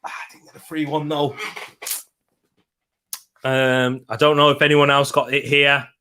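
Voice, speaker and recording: A man's voice: medium pitch, level tone, measured pace, pushed and bright, clean tone. A young man hosting a live football watch-along from a home setup, chatting upbeat with his viewers and laughing often.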